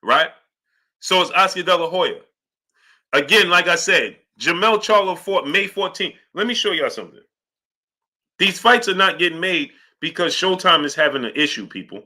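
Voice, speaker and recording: A man's voice: high voice, moderate pace. A man hosting a live boxing talk stream, reading out super chats and arguing his point with repeated "right?" checks. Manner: animated, repetitive, asks "right?" often.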